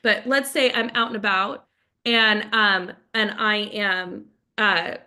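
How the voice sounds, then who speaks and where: A middle-aged woman leading an online sales training, lively and casual, acting out both sides of sample conversations. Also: medium pitch, takes it slowly.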